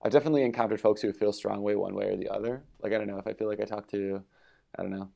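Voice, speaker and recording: A man's voice: on the low side, fairly even intonation, very fast, vocal fry, warm tone. A young man co-hosting a casual podcast, easygoing and laughing often, with teasing asides to listeners. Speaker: podcast co-host. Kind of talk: casual conversation.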